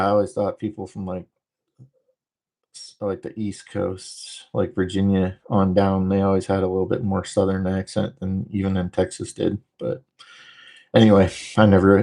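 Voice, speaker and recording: A man from the northern United States hosting a casual livestream, talking fast and rambling through jokes while he reads out viewer comments. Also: low voice, flat delivery, creaky, darkish tone. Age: adult, former military. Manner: rambling, joking, talks fast. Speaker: livestream host.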